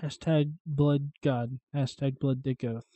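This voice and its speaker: A man co-hosting a casual podcast, asking questions and making crude jokes, sometimes bursting out loudly. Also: mid-range voice, slow pace, no echo, highs cut off. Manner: jokey, crude, questioning, gets loud and animated. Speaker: podcast co-host. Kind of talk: casual irreverent chat.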